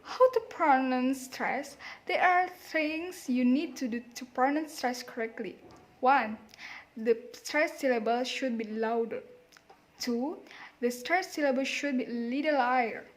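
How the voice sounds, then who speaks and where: A woman with an Indonesian accent presents a pronunciation lesson in a high voice. She walks through each point and repeats example words with careful emphasis. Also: measured pace. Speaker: student presenter.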